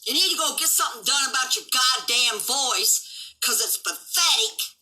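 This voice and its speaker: A woman's voice: high-pitched, animated, moderate pace, soft background music, low-quality recording. Fiery foul-mouthed seventy-year-old woman. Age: 70s. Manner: combative, swearing constantly, shouting at times. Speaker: livestream host. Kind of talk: angry profane rant.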